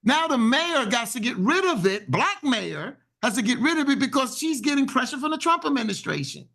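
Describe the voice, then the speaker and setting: A man's voice: very high voice, very animated, moderate pace, vocal fry, sharp tone. A man hosting a talk radio discussion, speaking bluntly and with fiery indignation. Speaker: radio host.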